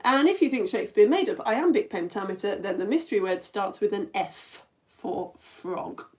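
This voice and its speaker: A woman's voice: medium pitch, moderate pace. A middle-aged woman teaching an online all-ages lesson, running a quiz in a playful way that often breaks into a giggle and speaks straight to her viewers. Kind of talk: live-streamed quiz lesson.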